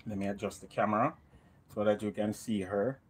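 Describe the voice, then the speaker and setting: A man's voice: on the low side, fairly even intonation, fairly quick, a little hiss or hum. Jamaican man chatting on a cooking livestream. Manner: banters with viewers, slips into patois. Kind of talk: casual livestream chat.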